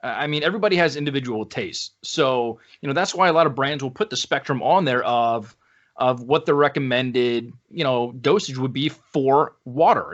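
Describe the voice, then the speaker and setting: A man's voice: medium pitch, normal speed, dull audio. A man hosting a podcast in a casual, conversational way, with plenty of fillers. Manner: conversational, full of "you know" fillers. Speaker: podcast host.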